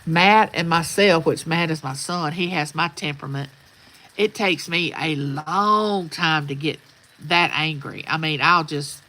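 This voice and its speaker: Bright-voiced woman, folksy rambling. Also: deep voice, normal speed, rough recording. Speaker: vlogger. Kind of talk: casual storytelling chat. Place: outdoors at sunrise.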